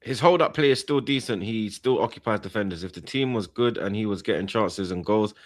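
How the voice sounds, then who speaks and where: A man's voice: lowish voice, fairly quick. A man doing brash, mocking football banter as co-host, swearing freely.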